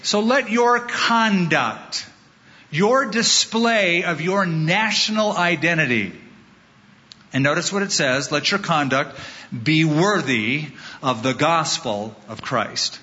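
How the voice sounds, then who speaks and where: Bright-voiced American pastor preaching. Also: male voice, on the high side, animated, dull audio. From California, United States. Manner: measured, emphatic preaching with anecdotes. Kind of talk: sermon.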